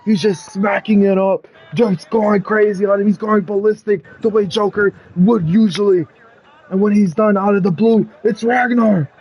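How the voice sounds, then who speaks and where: A man narrating a wrestling video game storyline in a dramatic play-by-play style, building to loud climaxes. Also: sits high, steady tone, moderate pace.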